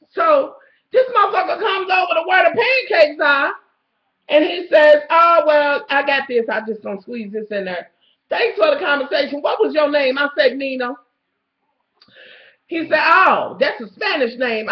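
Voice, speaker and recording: Profane ranting woman, echoey lo-fi. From Kentucky, USA. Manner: profane, animated, swings between loud outbursts and low asides. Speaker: vlogger. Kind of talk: ranting storytelling. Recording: echoey lo-fi home video.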